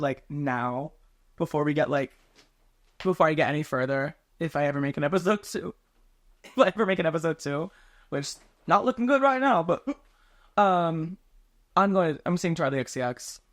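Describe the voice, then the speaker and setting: A young man from Tennessee chatting alone in his bedroom, rambling quickly and stumbling over his words. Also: a little high. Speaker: podcast host. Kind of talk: solo casual chat to camera.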